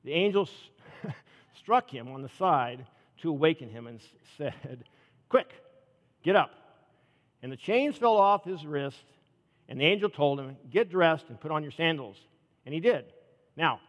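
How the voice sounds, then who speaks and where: A man preaching a sermon, retelling a Bible story in an animated way, acting out the characters and laughing along. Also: on the high side, big-room sound.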